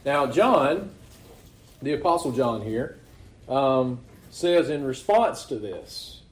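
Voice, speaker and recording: A man's voice: medium pitch, animated, takes it slowly. A man preaching a sermon to his congregation in a casual, conversational way, often asking rhetorical questions. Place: church. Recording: echoey room.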